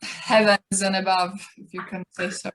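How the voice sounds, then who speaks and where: A woman taking part as the subject of a hypnosis session, describing her experience in a dreamy, halting way over a video call. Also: mid-range voice, little pitch movement, fairly bright tone, rough recording.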